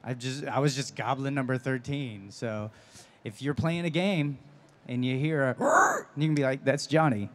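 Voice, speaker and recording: A man's voice: mid-range voice, normal speed. Chatty man on a convention panel. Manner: chatty, laughs often, animated when telling stories. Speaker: voice actor guest at a convention panel. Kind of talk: live panel Q&A storytelling. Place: convention stage.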